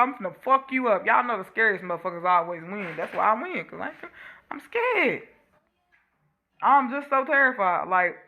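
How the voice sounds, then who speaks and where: A woman's voice: mid-range voice, sharp tone, muffled recording. A woman vlogger talking straight to camera in a blunt, profane, fired-up rant. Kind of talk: casual monologue to camera.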